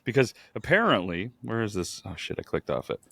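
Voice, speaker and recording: A man's voice: fairly low pitch, sing-song, brisk, gravelly, sharp tone, no room sound. A man co-hosting a podcast in casual chat, reading out a news story loosely and stumbling over words. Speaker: podcast co-host.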